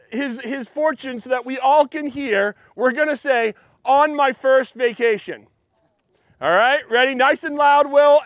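High-voiced joking pastor, dry sound. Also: male voice, a bit bright, no echo. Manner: chatty, joking, talks to the congregation. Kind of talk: casual sermon. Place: church.

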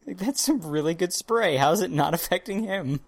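Excitable, profane man in casual chat. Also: sits high, a little fast, dry recording. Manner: profane, excitable, mock-dramatic outbursts. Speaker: podcast co-host.

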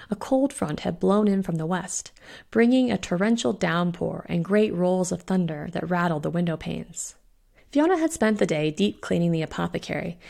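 A woman reading her own short story aloud in a steady, expressive storytelling voice. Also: on the low side, gravelly. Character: witch Fiona voiced in own voice.

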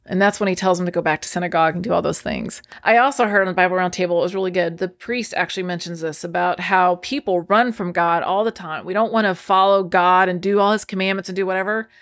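A woman's voice: on the low side, fairly even intonation, fast talker, few pauses, fairly bright tone, muffled recording. A woman casually recapping a show episode, chatty and enthusiastic, acting out the characters' lines as she retells them.

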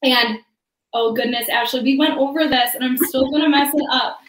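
A woman's voice: high voice, steady tone, moderate pace, recorded from a distance. Bubbly woman host in an echoey room. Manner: bubbly, giggly, chatty. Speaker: stand-in host of a travel agent show. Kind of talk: upbeat webcast hosting. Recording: echoey room, a bit off mic.

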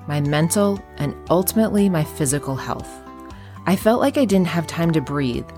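Low-voiced woman, earnest podcast intro. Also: darkish tone. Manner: earnest, encouraging. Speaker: podcast host. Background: faint music.

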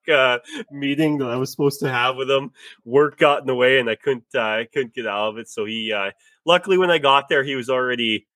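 Male podcast host, bright dry voice, rambling and profane. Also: mid-range voice, no room sound. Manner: rambling, swears freely, laughs often. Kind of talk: casual chat.

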